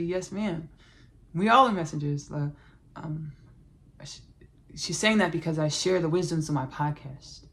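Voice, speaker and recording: A woman leads a spiritual channeling session on her podcast. She talks effusively, repeats herself, and drops into soft murmured thanks. Her tone is bright and tense, with gravelly fry running through it. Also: deep voice, unhurried, long pauses.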